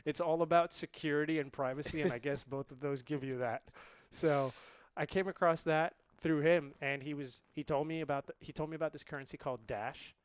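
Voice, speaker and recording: A man in his late twenties, originally from India, telling a story as a podcast guest in a lively, laughing way. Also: on the high side, a little fast, clean tone. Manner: animated, laughs often. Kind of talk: casual storytelling.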